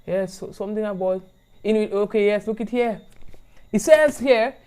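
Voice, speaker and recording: A man with a Grenadian accent hosts a live-stream show, talking in a loose, animated way. His voice sits fairly high for a man, and he keeps checking in with his listeners as he goes. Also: moderate pace, smooth. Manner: animated and chatty, often asking "you understand?". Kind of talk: casual talk-show commentary.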